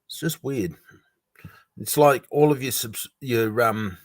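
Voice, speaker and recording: A man's voice: mid-range voice, slow pace, dry recording. A man hosting a casual livestream, chatting loosely and greeting viewers by reading their comments aloud. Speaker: livestream host.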